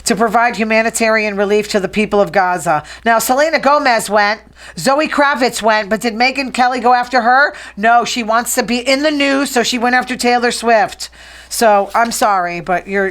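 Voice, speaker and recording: A woman hosting a casual gossip show, talking fast, chatty and opinionated. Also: fairly high pitch, a bit bright. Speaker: host.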